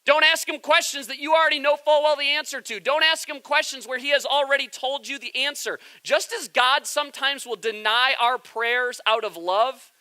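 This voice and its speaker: A man in his thirties delivers a sermon with a high, keen voice. His tone is very bright and cutting, and he shifts into easygoing, humorous storytelling, chatting with his congregation. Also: moderate pace, hardly any pauses. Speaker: pastor.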